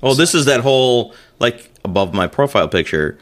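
A middle-aged man co-hosting a podcast, chatting casually and joking over cocktails in an animated way. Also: mid-range voice, moderate pace, hardly any pauses. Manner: animated, joking, trails off mid-sentence. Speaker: podcast co-host.

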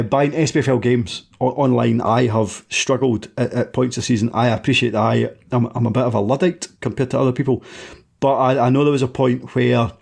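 Creaky-voiced podcast co-host. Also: male voice, medium pitch, darkish tone. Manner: teasing, wordy, restarts often. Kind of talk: casual podcast chat.

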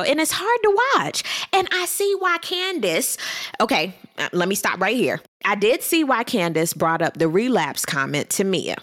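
A sassy woman vlogger breaks down a reality show reunion in a casual, chatty way. Her pitch swoops up and down as she talks, and she keeps calling her viewers girl and honey. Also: fairly bright tone. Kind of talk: casual commentary to camera.

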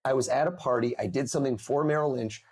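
A man in his thirties, a mentalist guest on a podcast, telling lively stories and acting out the people in them. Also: mid-range voice, fast, husky. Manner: animated storyteller, acts out quoted voices. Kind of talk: podcast interview over video call.

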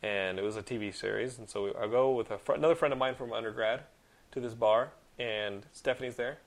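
A man in his thirties hosting a podcast, telling animated stories, ranting and swearing freely. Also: medium pitch, fairly quick. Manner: animated storyteller, swears freely, rants loudly. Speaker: podcast host. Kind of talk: casual chat.

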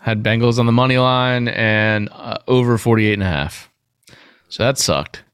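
A man with a smooth, clear mid-range voice, recorded close and dry. He talks about bets in a laid-back way and slips in dry, teasing jabs at his co-host. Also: medium pitch, normal speed, a bit bright, no echo. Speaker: podcast co-host. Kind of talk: casual sports betting chat.

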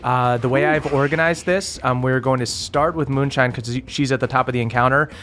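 A young man narrating as a game master in a relaxed way, with many ums and uhs. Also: medium pitch, fairly quick, a little hiss or hum.

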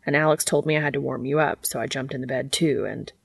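A woman reading aloud, voicing an anxious young man who speaks quietly and in a hurry. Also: sits low, steady tone, moderate pace, no room sound. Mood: flustered. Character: anxious young man caring for his friend.

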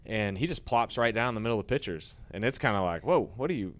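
Ex-pitcher guy rambling thru old locker room stories, smooth clear voice, gets lively. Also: fast talker. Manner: rambling anecdotes, lively when retelling. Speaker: former baseball pitcher, interview guest. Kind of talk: casual storytelling interview.

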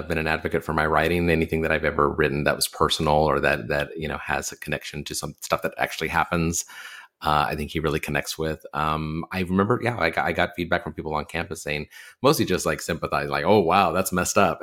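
A male writer as a podcast guest, talking in a relaxed, reflective way. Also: rumbling low. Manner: relaxed, reflective, self-deprecating. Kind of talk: casual interview.

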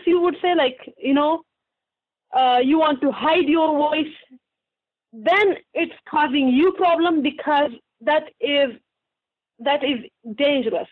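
Young woman, high voice, earnest and halting, tinny phone-line sound. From Pakistan. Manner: earnest, heartfelt, with frequent restarts. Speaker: guest author. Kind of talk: interview answers over a remote line.

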